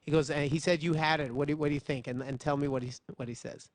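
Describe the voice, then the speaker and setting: Animated, higher-voiced host telling stories. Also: male voice, fast, no echo. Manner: animated storyteller, acts out other people's voices. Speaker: podcast host. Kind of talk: casual storytelling chat.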